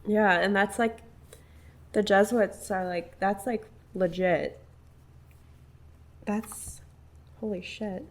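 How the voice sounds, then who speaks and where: A woman's voice: medium pitch, steady tone, slow pace, long pauses. A young woman co-hosting a podcast, chatting casually, swearing and saying "like" often. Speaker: podcast co-host. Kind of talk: casual chat.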